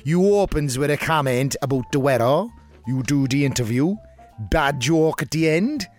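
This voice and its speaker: A man's voice: a little high, expressive, moderate pace, darkish tone, soft background music, lightly acted. A man playing a gossipy, peeved Cork man writing in for advice, speaking with a Cork accent in a rambling, indignant way. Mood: grumbling. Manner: indignant, rambling local chatter. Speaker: letter writer. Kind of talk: comic monologue.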